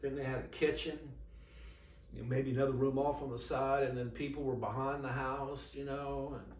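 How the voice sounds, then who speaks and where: A man's voice: mid-range voice, steady tone, moderate pace. A middle-aged man, telling a long personal story in a casual, rambling way, quoting conversations and leaning on fillers. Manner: rambling retelling full of quoted dialogue and fillers. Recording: roomy and distant with faint ambience.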